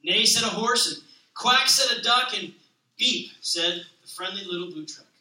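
Bright-voiced pastor in an echoey church. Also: male voice, high-pitched, normal speed, distant mic. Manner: lively storybook reading, then casual joking talk. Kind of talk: sermon opening with a read-aloud picture book.

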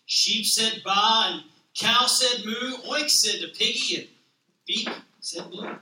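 A man, a pastor, reading a children's picture book aloud with lively expression, then talking casually to open a sermon. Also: high voice, takes it slowly, reverberant, distant mic, a little hiss or hum, low-quality recording.

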